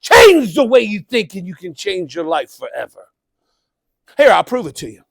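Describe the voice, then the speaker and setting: Keynote speaker, middle-aged man, high voice, dry close sound, calls out and shouts to the room. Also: moderate pace, creaky, no room sound. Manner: animated, calls out to the crowd, bursts into shouting. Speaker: motivational speaker. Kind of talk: live keynote speech to an audience. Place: conference event room.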